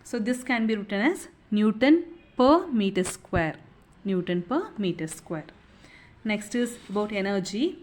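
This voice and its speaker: A woman's voice: mid-range voice, animated, measured pace, darkish tone. A young woman teaching an exam revision lesson, explaining step by step and checking in with a frequent "okay".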